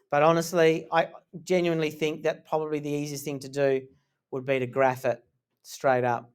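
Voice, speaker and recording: A man's voice: fairly high pitch, smooth. A man teaching a live maths lesson in a classroom, talking in a casual, joking way.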